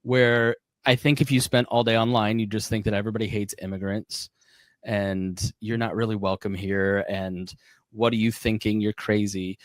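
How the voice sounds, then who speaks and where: A man's voice: medium pitch, no room sound, studio quality. A man hosting a podcast interview, asking questions in a casual, conversational way. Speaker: podcast host. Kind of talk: interview chat.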